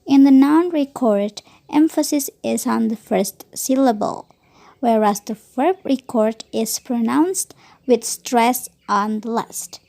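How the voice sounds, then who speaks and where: A woman lecturer reads textbook material aloud at a slow, deliberate pace. Her fairly high voice has a gravelly, fry-edged texture and a mellow, dark tone. She occasionally stumbles over a word and corrects herself. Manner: slow, careful reading with occasional self-corrections.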